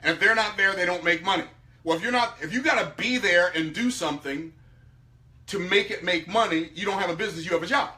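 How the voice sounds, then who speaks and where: A man telling a story to an audience in an emphatic way, jumping from loud outbursts to quiet low asides. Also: fast talker. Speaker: speaker teaching about money. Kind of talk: animated storytelling talk.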